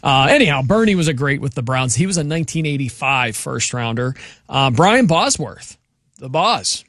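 A man hosting a casual sports chat, running through names and years with plenty of "uh" along the way. He speaks at a middling pitch, and his voice sounds close and dry, with no room echo. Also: expressive, moderate pace, fairly bright tone. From western Pennsylvania. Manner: chatty, lists facts with filler "uh". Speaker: sports talk show host.

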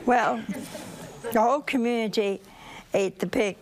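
Slow-speaking woman with a sore throat. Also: fairly high pitch, crowd noise. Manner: plain, gentle storytelling with dry humor. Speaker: speaker telling a religious story. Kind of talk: storytelling talk to an audience.

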